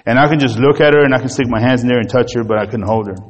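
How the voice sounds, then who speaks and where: A man pastor delivering a sermon, telling a personal story in an animated, emotional way. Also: mid-range voice, rapid-fire, in a large hall, dull audio.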